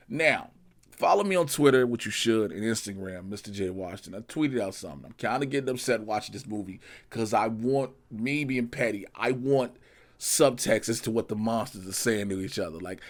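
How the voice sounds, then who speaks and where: Man, movie reviewer, casual, slangy, swears a lot, mid-pitched voice. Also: a little fast. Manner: animated, profane, slangy storytelling.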